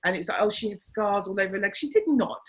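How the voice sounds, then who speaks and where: A middle-aged woman, an interview guest and comedian, telling family stories in a casual, animated way and acting out the voices of the people she quotes. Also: mid-range voice, quick pace, breathy edge, low-quality recording.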